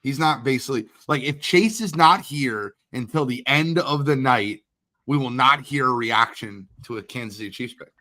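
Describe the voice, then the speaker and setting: A man hosting a livestream draft watch party, hyped and talking quickly, shouting out guests and asking viewers to share. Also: mid-range voice. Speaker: host. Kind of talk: energetic livestream chat.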